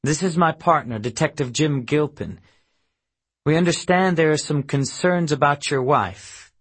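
A man's voice: fairly high pitch, measured pace, a bit bright, breathy edge, pitched above the performer's own voice, heavily acted. A man voicing a tired, formal female police detective in an audiobook, speaking politely and in a businesslike way.

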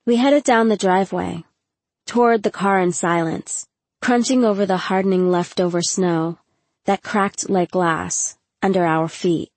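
A woman narrating a first-person audiobook in a measured storytelling voice with casual slang. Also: on the low side, steady tone, a little mellow, no room sound.

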